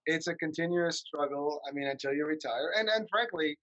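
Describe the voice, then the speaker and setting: A man's voice: a little high, brisk, fairly bright tone, dull audio. A man hosting a podcast, upbeat and talkative, asking long rambling questions. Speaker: podcast host. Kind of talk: casual interview chat.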